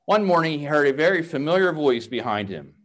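A man narrating a parable in a measured, expressive storytelling manner. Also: fairly high pitch.

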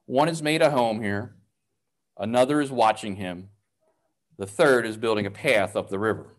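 A man's voice: lowish voice, moderate pace, pitched below the performer's own voice, lightly acted. A man doing a lonely youngest brother. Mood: relieved.

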